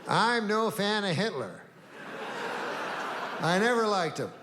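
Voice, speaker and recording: A middle-aged man does stand-up in a dry, deadpan ramble full of halting restarts. His voice sits rather high for a man. The live hall carries a long reverb, with a clear crowd murmur underneath. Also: background noise. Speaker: stand-up comedian. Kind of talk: stand-up routine.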